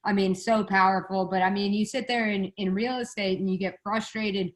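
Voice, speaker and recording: A woman's voice: mid-range voice, fairly even intonation, normal speed. A woman hosting a podcast interview, chatting casually and affirming her guest. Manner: friendly, affirming. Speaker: podcast host.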